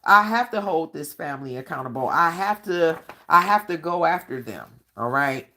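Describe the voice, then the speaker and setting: A woman's voice: deep voice, expressive, normal speed, bright, forceful tone, slight background noise. A woman hosting a live-stream Q&A, talking bluntly and profanely in a combative tone and often asking "all right?". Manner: blunt, profane street talk. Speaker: channel host.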